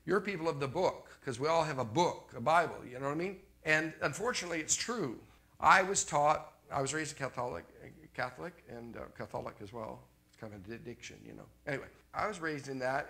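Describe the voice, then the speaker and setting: Man, from Canada, preacher, sermon, conversational, repeats refrains, bright tense voice. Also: mid-range voice, vocal fry.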